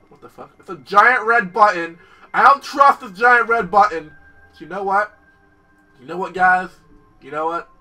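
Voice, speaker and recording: High, excitable young man swearing at a game. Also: distant mic. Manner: excitable, swears a lot, talks to the game and its characters. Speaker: gameplay commentator. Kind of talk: let's play commentary.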